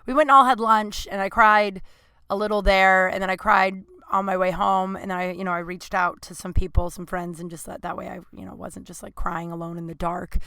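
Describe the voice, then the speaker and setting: A woman's voice: mid-range voice, little pitch movement, brisk, bright, forceful tone, clean tone, no room sound. A woman in her thirties hosting a podcast, talking candidly and rambling, swearing freely, with a sore throat. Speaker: podcast host. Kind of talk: casual chat. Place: Los Angeles.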